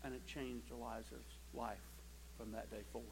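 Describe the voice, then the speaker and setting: A male pastor preaching a sermon, impassioned, swinging from loud declarations to hushed tones and often repeating words as he starts a phrase. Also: medium pitch, level tone, normal speed, creaky, background noise.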